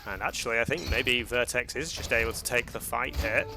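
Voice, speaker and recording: A man's voice: mid-range voice, fairly quick, creaky, over music. A man casting a live strategy game match, chatty and loose, restarting his sentences often. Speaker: game caster.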